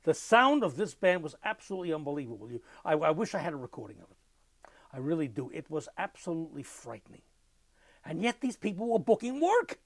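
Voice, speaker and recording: An older man, telling lively anecdotes in an oral history interview and mimicking sounds as he goes. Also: on the high side, a little fast, no room sound. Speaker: interviewee, musician.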